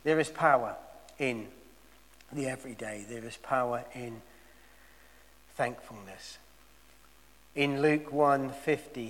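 A male preacher delivering a sermon in a church, swinging between loud emphatic peaks and quiet asides. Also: medium pitch, takes it slowly, long pauses, big-room sound.

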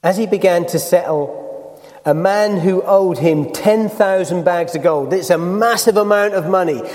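A man's voice: high-pitched, dark tone, long reverb tail. A man preaching a sermon, reading scripture and putting earnest questions to the congregation.

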